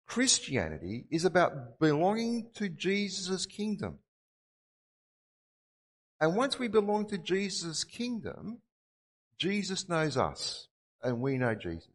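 Lively man preaching in a reverberant hall. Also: sits high, slow pace, long pauses. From Australia. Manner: earnest, repeats key phrases for emphasis. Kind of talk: sermon.

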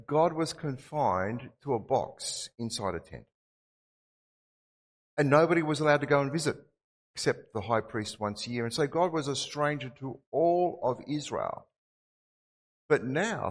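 A man delivers a sermon with an earnest, insistent manner, circling back to the same phrases. His voice sits a little high and swings widely in pitch. The sound carries a long hall reverb. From Australia. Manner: earnest, repeats key phrases for emphasis. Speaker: preacher.

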